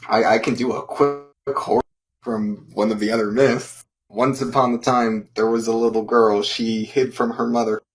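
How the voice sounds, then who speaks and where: A man's voice: medium pitch, flat delivery, moderate pace, rough recording. A man co-hosting a casual live stream, answering with short, mild exclamations and telling a brief spooky tale. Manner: reacts with mild exclamations like "oh my goodness". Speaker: podcast co-host.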